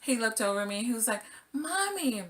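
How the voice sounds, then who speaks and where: A woman's voice: fairly high pitch, flat delivery, racing. A middle-aged woman vlogging as a single mother, telling a personal story casually and acting out her own exclamations.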